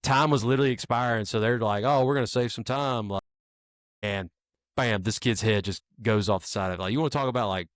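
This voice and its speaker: A man's voice: fairly low pitch, a little fast, no room sound, studio quality. A man co-hosting a podcast, telling a story in a laid-back way with lots of "like". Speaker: podcast co-host. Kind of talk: casual chat.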